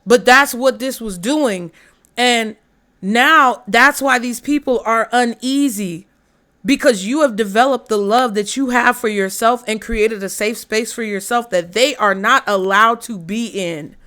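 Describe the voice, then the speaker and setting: A woman tarot reader with a bright, fairly high voice. She talks straight to camera in a blunt, profane and animated way. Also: unhurried. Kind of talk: casual tarot reading to camera.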